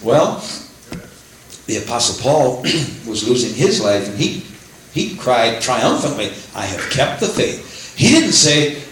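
An older man preaching a sermon in a church, animated, rising to exclaim praises, with frequent restarts. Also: mid-range voice, unhurried. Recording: echoey room with faint hum.

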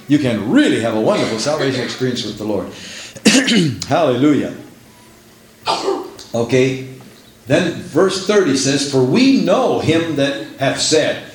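A man's voice: mid-range voice, sing-song, a little slow, pauses often, a little hiss or hum. Emphatic preacher man in a roomy space. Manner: emphatic, repeats phrases for effect. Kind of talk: sermon. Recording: roomy echo.

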